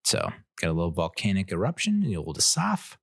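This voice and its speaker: Man, low voice, casual solo podcast, rambling and self-mocking, dry close sound. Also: huge pitch swings, fast talker, vocal fry, breathy edge, no echo. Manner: rambling, self-mocking, laughs at his own jokes. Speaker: podcast host.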